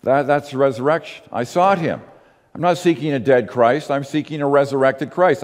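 Emphatic male preacher in a reverberant hall. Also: medium pitch. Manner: emphatic, with rhetorical questions and slow stressed words. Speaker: pastor. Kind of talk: sermon.

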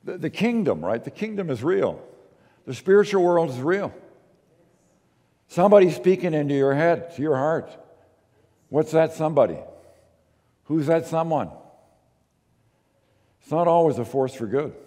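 A man preaching a sermon as pastor, moving between quiet asides and emphatic, slowed readings of scripture. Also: a little high, expressive, big-room sound.

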